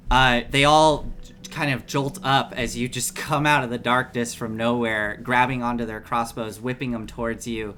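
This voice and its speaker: A man narrates a tabletop game as game master, improvising scenes on the fly. His voice is bright and forceful at a middling pitch, with a faint hiss behind him. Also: level tone, normal speed. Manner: improvising with fillers.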